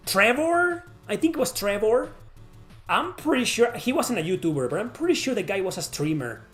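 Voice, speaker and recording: A man's voice: high-pitched, very animated, moderate pace, fairly bright tone, faint music behind. Rambling, cussing male streamer. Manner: rambling, swears freely. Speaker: streamer answering chat. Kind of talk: casual livestream Q&A.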